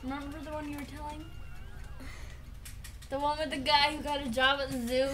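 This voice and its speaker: A woman joining a gameplay recording from the side, teasing the host with quick remarks. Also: high voice, level tone, a bit bright. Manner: teasing, giggly interjections. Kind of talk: casual banter.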